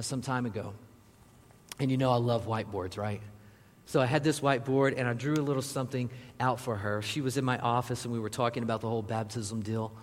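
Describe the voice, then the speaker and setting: A man, a pastor, delivering a conversational sermon and turning now and then to speak directly to the congregation. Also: medium pitch. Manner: conversational preaching with asides to the audience. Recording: long reverb of a large hall.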